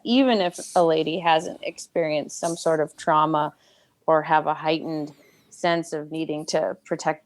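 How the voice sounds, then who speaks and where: A woman with a low voice for her sex, speaking as a guest in a relaxed talk. She explains things thoughtfully and at a measured pace. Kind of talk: casual conversation.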